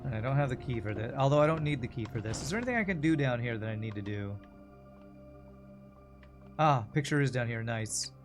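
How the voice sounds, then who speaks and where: A man's voice: mid-range voice, animated, brisk, pauses often, faint music behind. Man thinking aloud while gaming. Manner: muttering to himself, thinking aloud. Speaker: streamer playing a puzzle game. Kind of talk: casual gameplay commentary.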